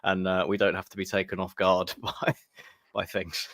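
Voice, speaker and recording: A man's voice: low voice, completely flat delivery, moderate pace, a bit bright, no echo, studio quality. A man co-hosting a podcast in casual chat, wry and rambling, often restarting his phrases. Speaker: podcast co-host.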